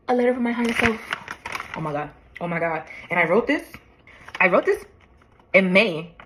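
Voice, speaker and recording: A woman's voice: deep voice, noisy background. A young woman in her twenties vlogging as she reads an old letter to herself aloud, emotional, swearing and laughing in disbelief.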